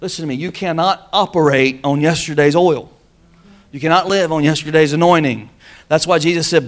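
A man's voice: fairly high pitch, a little fast. A man preaching a sermon, calling on the congregation to answer back. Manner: preaching with call-and-response. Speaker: pastor.

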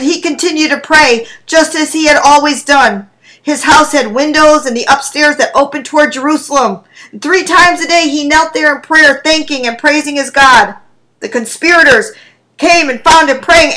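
A woman preacher reading scripture aloud and praying in a sermon, slow and deliberate. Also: high-pitched, sharp tone, low-quality recording.

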